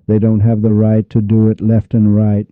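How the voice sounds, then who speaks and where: A man's voice: on the low side, completely flat delivery, normal speed, dry recording. A man preaching a heated monologue on Sufism, sarcastic and insulting, with sudden angry outbursts. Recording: dull, dry lo-fi recording.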